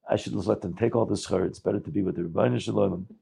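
A man voicing a lonely tavern keeper who quietly laments being left alone. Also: on the low side, racing, gravelly, husky, exaggerated voice. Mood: despairing. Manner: soft, despairing lament.

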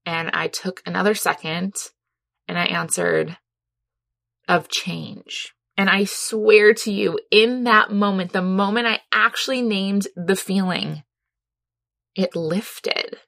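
A woman's voice: medium pitch, fairly even intonation, measured pace, gravelly, fairly bright tone, dry recording, clean studio sound. A woman talking earnestly and heartfelt about a personal experience, laughing easily as she tells it. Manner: earnest, heartfelt, laughs often while telling. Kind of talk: personal reflective talk.

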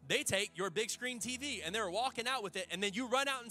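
A man's voice: high voice, lively intonation, quick pace, sharp tone, faint music behind. A male pastor, preaching a sermon to a church congregation in a fervent, conversational way with folksy asides.

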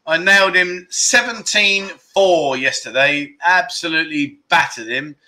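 Guy hosting a chill livestream, really bright voice, chatty and thankful, trips over his words. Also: a little high, a little slow. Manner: chatty, grateful, self-mocking, many restarts. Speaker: livestream host. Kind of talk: casual chat reading out viewer donations. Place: Pattaya, Thailand.

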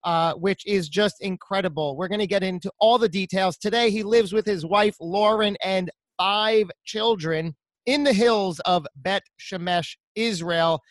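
A man's voice: sits high, a little slow, no room sound. A man hosting a podcast interview, enthusiastic and full of compliments for his guest. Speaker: podcast host. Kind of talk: casual interview chat.

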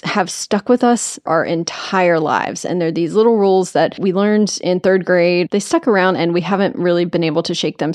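A woman's voice: fairly low pitch, darkish tone, no room sound, clean studio sound. A woman hosting a podcast, giving a casual, upbeat spoken lesson on copywriting with playful asides. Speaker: podcast host teaching copywriting.

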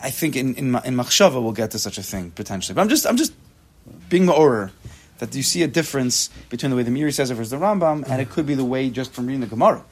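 A man teaching a Talmud class, thinking aloud with quick restarts and reading text out loud. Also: medium pitch, animated, slight background noise. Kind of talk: casual shiur teaching.

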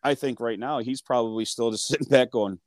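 Excitable New man chatting hockey. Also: medium pitch, a little fast, no echo. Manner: excitable, acts out his own reactions with lots of fillers. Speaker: sports podcast co-host. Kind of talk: casual chat.

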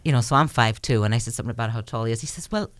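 A woman's voice: extremely low pitch, rapid-fire, dry recording, studio quality. A woman guest chatting casually and telling stories on a podcast, full of fillers and restarts. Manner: reads a friend's message aloud. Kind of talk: casual chat, storytelling.

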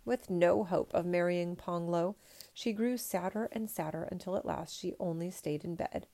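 Gentle woman reading a storybook. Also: on the low side, normal speed. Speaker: storybook reader. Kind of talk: storybook read-aloud.

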